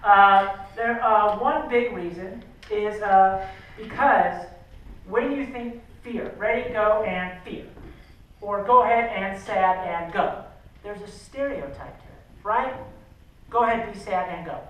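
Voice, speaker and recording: Energetic male drama teacher in an echoey room. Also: high-pitched, takes it slowly, lo-fi sound. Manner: energetic, coaching, frequent fillers. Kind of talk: leading a class exercise. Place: school drama room with hardwood floor. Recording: very echoey room, far from the mic.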